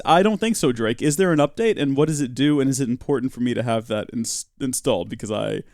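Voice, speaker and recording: A man's voice: medium pitch, animated, quick pace, few pauses, a little mellow, no room sound. Young male game streamer, dry close mic, chatty and self-mocking. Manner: chatty, self-mocking, answers chat as he plays. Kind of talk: casual live-stream commentary while playing.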